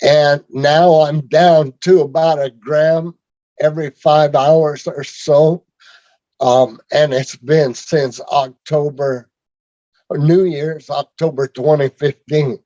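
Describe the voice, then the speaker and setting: A man telling his own story on a video call in a rambling, halting way, with many fillers and restarts. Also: on the high side, fairly even intonation, warm tone, no echo. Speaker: speaker sharing his story. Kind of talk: rambling personal testimony. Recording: dull lo-fi video call audio.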